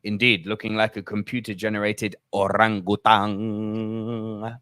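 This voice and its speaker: A man's voice: fairly low pitch, level tone, measured pace, fairly bright tone, smooth, no echo, clean studio sound. A young man co-hosting a movie podcast, ranting with plenty of profanity in casual chat. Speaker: podcast co-host.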